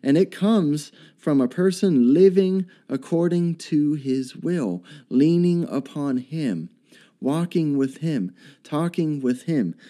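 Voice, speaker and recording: Guy preaching a sermon, kinda high voice but mellow, lots of ums and restarts. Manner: earnest, repetitive preaching, many fillers and restarts.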